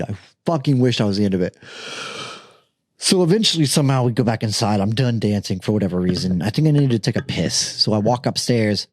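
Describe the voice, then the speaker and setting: A young man spins a wild party story on a podcast, swearing at every turn and breaking into laughter. His voice sits at a middling pitch and is recorded close and dry, and he pitches way up whenever he quotes someone. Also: dry recording. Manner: profane, laughing, animated storytelling; jumps to a high voice when quoting others. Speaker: podcast host. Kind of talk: casual storytelling.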